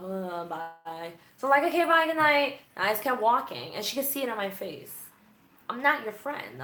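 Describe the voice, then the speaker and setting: A woman talks straight to her viewers in a bright, forceful voice, candid and sarcastic as she tells her stories. The room gives her voice a noticeable echo. A faint hum sits underneath. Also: medium pitch. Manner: candid, sarcastic, animated storytelling. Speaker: host of a livestream on leaving a church group. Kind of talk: casual livestream chat, reading viewer comments.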